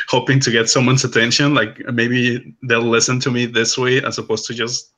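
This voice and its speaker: Man player, husky and bright, chuckly storyteller. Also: medium pitch, animated, moderate pace, rough recording. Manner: giggly, narrating own actions. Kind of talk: casual tabletop play.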